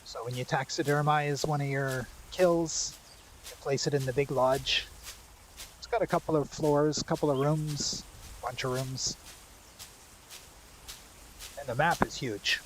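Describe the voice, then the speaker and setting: A chatty man streams a hunting game live and talks viewers through what he is doing. His voice sits a touch high, with a faint hiss of noise behind it. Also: steady tone, a little slow, long pauses, rough recording. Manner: chatty, explains as he plays. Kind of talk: live gameplay commentary.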